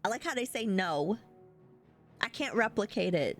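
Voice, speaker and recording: A woman's voice: medium pitch, lively intonation, moderate pace, faint music behind. A woman with a New York accent, chatting casually with her live-stream viewers and laughing often as she answers them.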